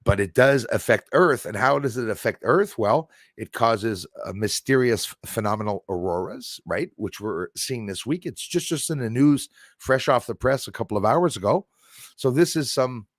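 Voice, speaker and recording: A man's voice: on the low side, lively intonation, normal speed, dry recording, studio quality. A man hosting a late-night live stream, chatting loosely with viewers and greeting them by name. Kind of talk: casual live stream chat.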